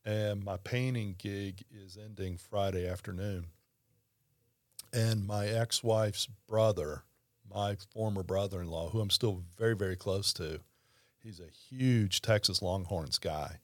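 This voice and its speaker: A man hosting a casual podcast chat, telling rambling stories with lively asides. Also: on the low side, unhurried, no room sound. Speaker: podcast host.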